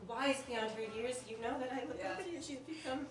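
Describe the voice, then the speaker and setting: A woman giving a heartfelt, halting toast at a home party, tearful and repeating her words. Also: high-pitched, background noise. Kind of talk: emotional toast. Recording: roomy, distant, crowd behind. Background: party guests chatting.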